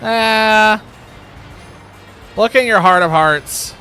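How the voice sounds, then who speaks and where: Guy streaming games, jokey and rambly, kinda high bright voice, music going behind him. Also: drawn-out words, clear, resonant tone. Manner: joking, rambling, laughs often. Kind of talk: casual gaming livestream chat.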